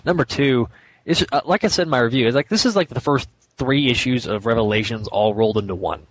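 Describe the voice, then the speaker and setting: An eager man co-hosting a casual comic book podcast, his voice sitting at an ordinary middle pitch. He stumbles and restarts often, laughing as he goes. He speaks with plain, easygoing enthusiasm. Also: fast, slight background noise. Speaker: podcast co-host.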